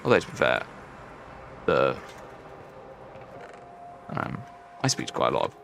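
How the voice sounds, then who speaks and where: Young male streamer, Midlands English accent, very lively pitch swings, chatty and rambling. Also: measured pace, creaky, slight background noise. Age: young adult. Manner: chatty, rambling, answers chat while building. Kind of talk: casual gaming livestream chat.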